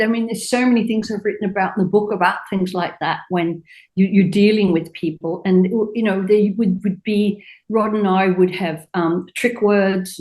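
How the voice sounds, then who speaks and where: An older woman, a fashion designer, telling anecdotes in an interview and acting out quotes in a higher voice. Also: rough recording. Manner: animated anecdotes, acts out quotes in a high voice. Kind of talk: storytelling interview chat.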